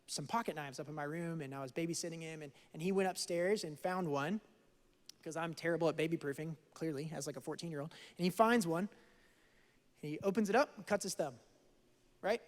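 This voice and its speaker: A young man preaching a sermon, telling a story in an animated way that swings from hushed to loud. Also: fairly high pitch, a little fast. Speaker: pastor. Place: church hall. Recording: church hall with long reverb.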